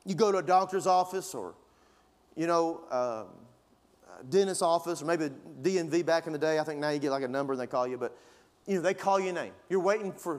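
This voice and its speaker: A man preaching a sermon as pastor, fervent and conversational, pushing his emphasis upward. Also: on the high side. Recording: long reverb of a large hall.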